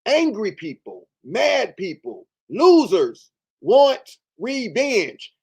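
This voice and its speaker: A man's voice: sits high, wildly swooping pitch, very slow, gravelly, breathy edge. A man hosting a commentary show, reading out text messages and answering them with emphatic repetition and rhetorical questions. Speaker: show host.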